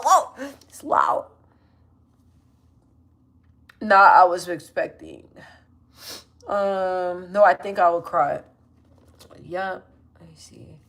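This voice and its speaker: A woman's voice: lowish voice, fairly bright tone. Slangy woman in her thirties on a phone stream. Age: 30s. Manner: loose slangy chat, quick asides to viewers. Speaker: livestream host. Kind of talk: casual livestream chat reading comments.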